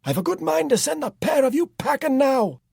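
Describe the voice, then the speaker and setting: A man voicing an angry young farmer, the protagonist's older brother, shouting at a younger sibling in a storybook reading. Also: low voice, measured pace, slightly rough, dry recording, clean studio sound, exaggerated voice. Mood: roaring. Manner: shouting, loud and strained.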